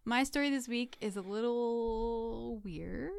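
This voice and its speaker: A woman's voice: on the high side, takes it slowly, creaky, clear, resonant tone, no echo, clean studio sound. A young adult woman co-hosting a podcast, chatting casually with lots of hesitant fillers. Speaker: podcast co-host. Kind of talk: casual chat.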